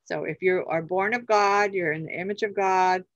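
Low-voiced woman Bible student as co-host, affirming and plain, dry muffled recording. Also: steady tone, normal speed, no room sound. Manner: affirming, short agreeing replies. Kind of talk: casual Bible discussion. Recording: dry, dull lo-fi sound.

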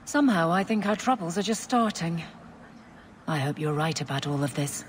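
A steadfast woman captain of the guard from a video game, played by a woman. She speaks bluntly and without fuss, in a low voice. A faint ambient hiss lies beneath. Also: expressive, moderate pace, lightly acted. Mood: grim. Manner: blunt, no-nonsense.

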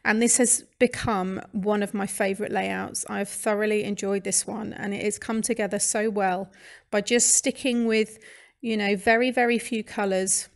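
In this casual voice-over for a scrapbooking video, a woman from the United Kingdom who runs a craft channel chats along, often restarting and using fillers. She has a British English accent and a creaky, medium-pitched voice with fairly even intonation at a normal speed.

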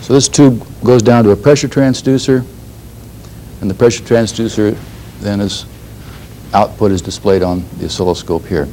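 A man teaching a class, explaining a lab demonstration in a measured way, pausing and clearing his throat now and then. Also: fairly low pitch, fairly even intonation, mellow, a little hiss or hum, poor audio. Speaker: instructor.

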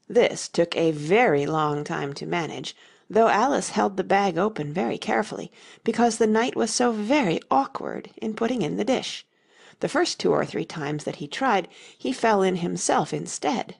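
Woman narrator, storybook reading, husky, steady. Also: fairly low pitch, normal speed. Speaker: audiobook narrator.

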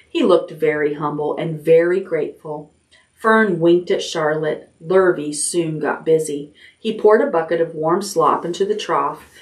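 Gentle woman reading a bedtime story. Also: sits low, distant mic. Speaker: children's librarian. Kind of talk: bedtime read-aloud.

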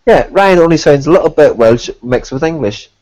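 A man's voice: fairly high pitch, lively intonation, normal speed, a little mellow, low-quality recording. A man co-hosting a casual live-streamed chat show, joking and teasing his guests. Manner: teasing, jokey banter. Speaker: co-host.

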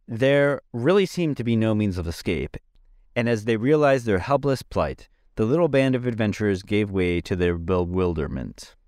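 A man's voice: fairly low pitch, lively intonation, moderate pace, a little mellow, no echo, clean studio sound. A man giving an amateur audiobook reading of a children's story, plain and dotted with 'uh' fillers. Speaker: podcast reader.

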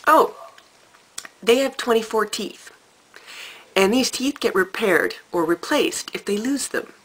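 A woman telling a story to camera in an animated, emphatic way, with dramatic pauses. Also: fairly high pitch, slightly rough, rough recording. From Canada. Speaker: vlogger.

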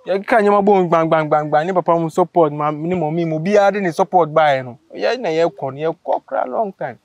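A man, casually telling a story on a vlog, animated and laughing as he acts out what people said. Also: on the high side, a little fast, creaky, no room sound, highs cut off. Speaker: vlogger host.

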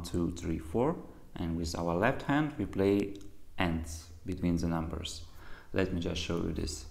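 A Russian-speaking man with a low, slightly mellow voice gives a handpan lesson, patiently explaining in simple English. Handpan playing sounds in the background.

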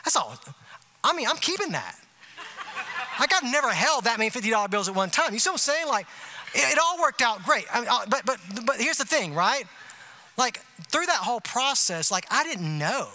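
Animated pastor preaching. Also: male voice, very high voice, fairly quick. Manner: conversational, repetitive rhetorical asides; animated, emphatic delivery. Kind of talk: sermon. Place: church sanctuary.

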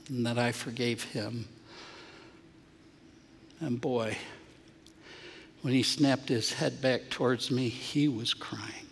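A middle-aged man preaching a sermon, telling a personal story earnestly and swinging from hushed moments to emphatic ones. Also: mid-range voice, creaky, long reverb tail, a little hiss or hum. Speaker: pastor. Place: church sanctuary.

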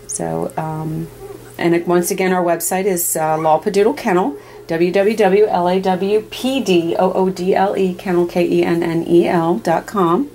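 A woman's voice: fairly low pitch, darkish tone, slight background noise. A woman dog breeder giving a casual sales walkthrough, talking plainly and chattily with frequent ums and uhs.

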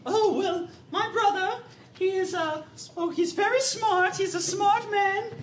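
A woman doing a flustered British sister. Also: extremely high pitch. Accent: put-on British. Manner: halting, giggly improvising. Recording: roomy, distant, noisy crowd.

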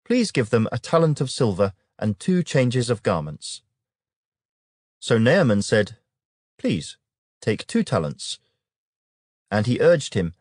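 A man reading scripture aloud in a measured, solemn narration. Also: medium pitch, a little mellow, no room sound, studio quality. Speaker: Bible reader.

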